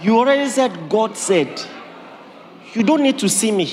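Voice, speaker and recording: A man, preaching a sermon as pastor in a humorous, animated way, laughing often. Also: extremely high pitch, fast, slight background noise. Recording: long reverb of a hall, faint ambience.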